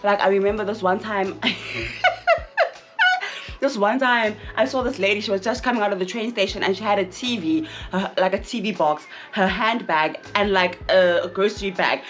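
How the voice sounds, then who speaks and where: A woman's voice: mid-range voice, big pitch swings, normal speed, a bit bright, soft background music. A young woman from South Africa with a South African accent, talking frankly to camera in a casual vlog and repeating phrases for emphasis. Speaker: vlogger.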